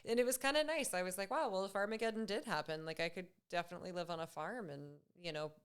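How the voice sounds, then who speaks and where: Female podcast guest in her thirties, lowish smooth voice, upbeat and conversational. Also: fast talker. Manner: chatty and upbeat, laughs often. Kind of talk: casual interview chat.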